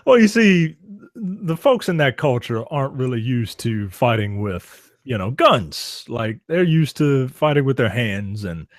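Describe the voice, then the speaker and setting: A man's voice: medium pitch, sing-song, measured pace, no echo. Wry man, dry close sound. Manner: wry joking asides, dry delivery. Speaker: podcast co-host. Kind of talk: casual movie discussion.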